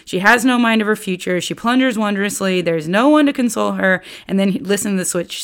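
Woman, Bible study teacher, casual and animated, keeps checking in with "right?", mid-pitched voice. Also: a little fast, hardly any pauses. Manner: chatty and animated, with many rhetorical "right?" and "okay?" checks.

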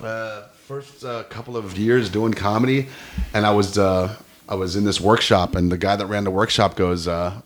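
A man's voice: on the low side, moderate pace. Man telling a rambling comic story. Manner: animated storyteller, many restarts and quoted voices. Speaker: comedian guest. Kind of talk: casual storytelling chat.

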